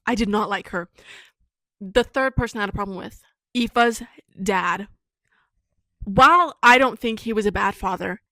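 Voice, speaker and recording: A twenty-one-year-old woman talks through a book series in a casual vlog, animated and opinionated, hammering her points home by repeating them. Her voice sits a little high and very bright. The recording is dry and close, with no room sound. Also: no echo. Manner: animated and opinionated, with emphatic repetition. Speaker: book reviewer.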